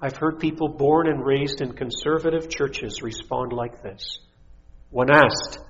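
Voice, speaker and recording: A man's voice: mid-range voice, fairly even intonation, unhurried, a bit bright, big-room sound. A middle-aged man, a pastor, preaching a sermon with rising intensity and mocking voices. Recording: dull lo-fi recording.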